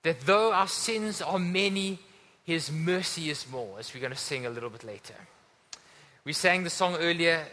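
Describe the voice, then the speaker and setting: Man, pastor, earnest sermon, high bright voice, church hall with long reverb. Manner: earnest, urging the congregation.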